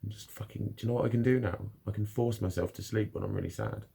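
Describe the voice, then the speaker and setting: A man's voice: on the low side, quick pace, gravelly, mellow, slightly rough. A man talking frankly and bluntly in a casual monologue, swearing constantly as he opens up about his own experiences. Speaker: vlogger.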